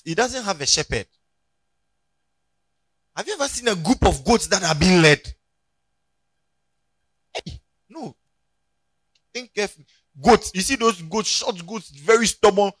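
A man's voice: a little high, no echo. A man preaching a sermon as pastor, joking and calling on the congregation to turn to their neighbors. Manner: animated, joking, calls on the congregation.

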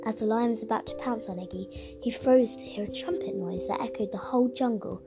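A woman narrating a children's audiobook in a playful, expressive way. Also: on the high side, fairly quick, vocal fry. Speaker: storyteller. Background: music.

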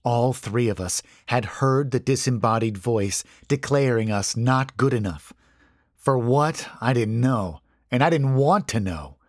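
A man narrating a scary story in a slow, hushed, tense delivery. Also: mid-range voice, expressive, dry recording, studio quality. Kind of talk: scripted horror story narration.

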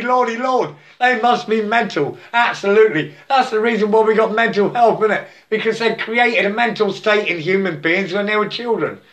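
A man giving a halting, repetitive spiritual monologue, breaking into chanted mantras and laughing to himself. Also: high-pitched, fairly bright tone.

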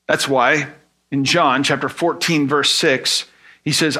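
A man with a high, bright voice preaches at an unhurried pace. He teaches earnestly, leaning on everyday examples and rhetorical questions to make his points. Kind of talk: sermon teaching.

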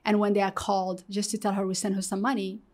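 A woman's voice: medium pitch, fast talker. Moroccan-born woman telling her story. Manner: animated, acts out quoted voices, fillers like "you know". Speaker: guest. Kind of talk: candid personal storytelling.

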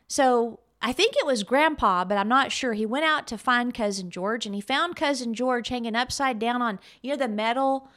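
A middle-aged woman co-hosts a casual talk show with a slightly high voice. She tells stories in an animated way and laughs often. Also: moderate pace, few pauses. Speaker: podcast co-host. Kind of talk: casual chat.

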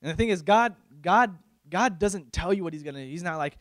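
A young man preaches in a loose, conversational way, dropping slang as he goes. His voice sits a touch high, and he swings from loud pleading to hushed confiding. The sound is close and dry. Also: fast talker, few pauses, no room sound. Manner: emotional, shifts from loud pleading to quiet confiding; casual, uses slang like bro. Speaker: pastor. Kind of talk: sermon.

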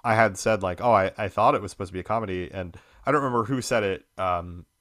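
A man with a somewhat low but bright, forward voice hosts a relaxed podcast conversation. He stumbles through his thoughts with plenty of fillers and restarts. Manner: halting, many fillers and restarts. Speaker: podcast host. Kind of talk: casual chat.

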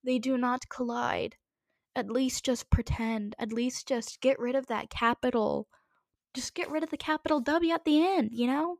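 A teenage girl hosting a solo podcast, ranting quickly and in exasperation, with many asides. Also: a little high, no echo, clean studio sound. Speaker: podcast host.

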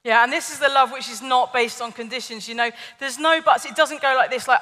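A woman with a high, bright voice gives a chatty, playful talk at a youth service. She drops in light asides to the young people. Her voice carries the long reverb of a large church hall. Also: brisk, few pauses. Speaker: youth leader.

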